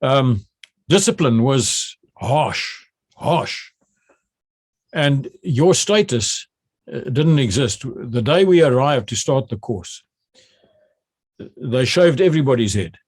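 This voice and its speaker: An older man from South Africa, a retired general telling stories from his military training, often repeating words as he starts and acting out shouted drill calls. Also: medium pitch, animated, slow, pauses often, slightly rough, dry recording, clean studio sound. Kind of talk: recounting memories.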